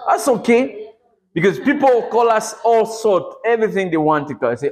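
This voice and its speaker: Animated man preaching with a Congolese accent. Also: high voice, normal speed. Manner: animated storytelling, acting out prayers and street scenes. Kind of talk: sermon.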